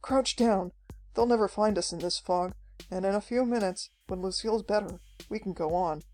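A woman's voice: mid-range voice, normal speed, darkish tone, faint music behind, close to an everyday voice, low-quality recording. A woman voicing a frantic elderly male professor who chatters and pants as he talks. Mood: urgent. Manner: chattering, panting.

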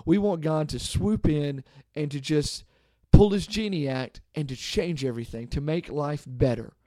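A man's voice: a little high, moderate pace, dark tone, dry recording, studio quality. A man hosting a devotional podcast, reading scripture and explaining it in a casual, conversational way, often checking in with "okay?". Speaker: podcast host and Bible teacher. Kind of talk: devotional Bible talk.

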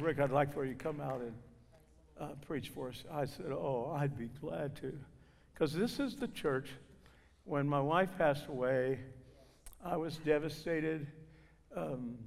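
A man's voice: a little high, gravelly. A man preaching in a church, telling a personal testimony and acting out the people he quotes. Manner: storytelling, acting out quoted voices. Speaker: guest preacher. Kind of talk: sermon testimony. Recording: reverberant church hall.

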